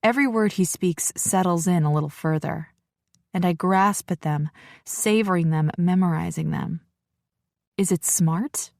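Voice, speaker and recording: Low-voiced female audiobook narrator. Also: a little slow, creaky, a little mellow, no echo, clean studio sound. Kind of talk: scripted romance audiobook narration.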